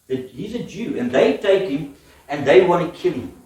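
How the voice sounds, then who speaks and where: Male preacher, high-pitched, animated storytelling sermon; distant mic in a reverberant church hall. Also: moderate pace. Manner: lively storytelling with laughs and questions to the congregation. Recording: echoey church hall from afar.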